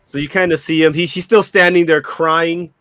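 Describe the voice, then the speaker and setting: Young male dungeon master, loose and rambling, higher voice, dry recording. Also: fairly even intonation, normal speed, pushed and bright, dry recording. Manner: rambling, repeats and restarts while describing. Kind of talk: narrating a tabletop game.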